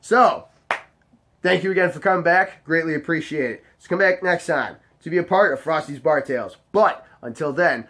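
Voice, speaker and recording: A man's voice: fairly high pitch, moderate pace. Profane storytelling male vlog host. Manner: profane, animated, mock-weary.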